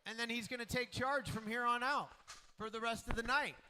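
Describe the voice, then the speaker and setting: High, bright emcee with faint noise. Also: male voice, fairly even intonation, fairly quick. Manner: upbeat, calls for applause. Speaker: event emcee. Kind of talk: introducing a speaker.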